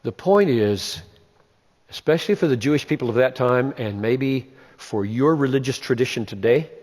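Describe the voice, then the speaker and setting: Male Bible teacher, average pitch, emphatic, rhetorical questions, hall echo. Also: expressive, normal speed, darkish tone. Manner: emphatic, repeats key phrases, asks rhetorical questions.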